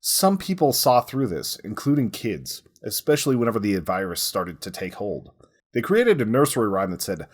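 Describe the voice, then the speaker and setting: A man with a husky, fairly low voice talks through history on a casual podcast. He explains at an easy pace and keeps dropping "like" as filler. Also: moderate pace. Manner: relaxed, says "like" a lot while explaining. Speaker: podcast co-host.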